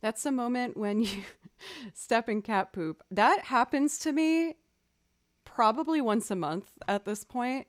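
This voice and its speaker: A young woman musician chatting casually on a livestream, rambling through stories and thanking viewers as she goes. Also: mid-range voice. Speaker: musician streamer.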